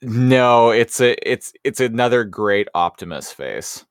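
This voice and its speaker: A man's voice: medium pitch, lively intonation, a little slow, clean tone, no echo, studio quality. A man co-hosting a podcast, talking in casual chat with stammering restarts. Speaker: podcast co-host.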